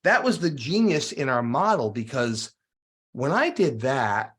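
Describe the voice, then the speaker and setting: This podcast guest, a middle-aged real estate investor, has a medium-pitched voice with a breathy edge and takes his time. His storytelling is lively, and he voices the quoted dialogue as he remembers it.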